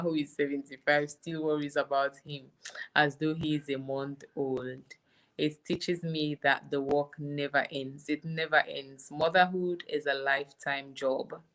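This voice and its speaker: A woman's voice: deep voice, fairly bright tone. A young woman, candidly musing aloud in casual chat as a podcast co-host.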